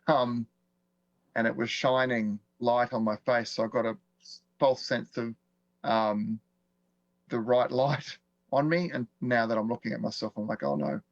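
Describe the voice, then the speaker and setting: An Australian man teaching a live online class in a chatty, relaxed way, quizzing viewers and chuckling often. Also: medium pitch, unhurried, pauses often, no room sound. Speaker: online course instructor. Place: indoors at a desk with screens. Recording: dull, dry lo-fi stream audio.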